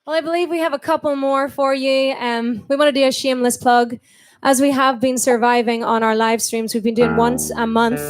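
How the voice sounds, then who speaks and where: Chatty woman musician with guitar behind her. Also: on the high side. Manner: chatty, upbeat, laughs easily. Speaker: musician in a live radio session. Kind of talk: casual on-air banter.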